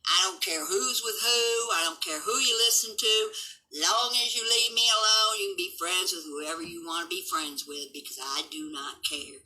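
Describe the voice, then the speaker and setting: Brief: older woman, 70s, home livestream host; combative and unfiltered, piercingly bright timbre. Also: mid-range voice, moderate pace, poor audio. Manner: blunt, combative, swearing, defiant. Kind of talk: unscripted livestream rant.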